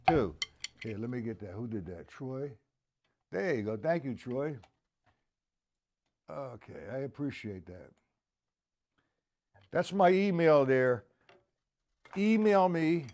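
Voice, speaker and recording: A man's voice: mid-range voice, sing-song, takes it slowly, long pauses, darkish tone, soft background music. A man giving a live-streamed drum lesson, counting beats aloud, joking and answering viewers by name. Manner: casual, joking. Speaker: drum teacher.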